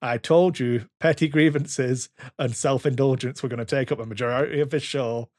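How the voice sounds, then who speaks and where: A man in his thirties hosts a casual podcast chat. His voice sits mid-pitch and sounds dry and close to the mic. He tells stories in an animated way, swears a lot, and acts out the voices of the people in them. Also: normal speed, dry recording. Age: 30s. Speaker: podcast host.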